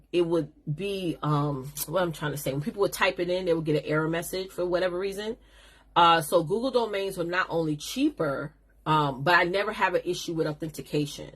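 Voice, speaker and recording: Husky, chatty New woman coaching. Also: fairly low pitch, a bit bright. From New York. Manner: chatty, sassy, addresses viewers as honey. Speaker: business coach hosting a live stream. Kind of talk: casual live-stream teaching.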